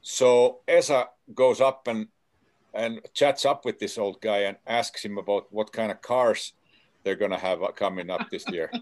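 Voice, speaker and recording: A man with a low, easy voice swapping stories in casual conversation. He stops and restarts often, with plenty of fillers as he talks. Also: darkish tone. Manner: halting, many fillers and restarts. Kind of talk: casual chat.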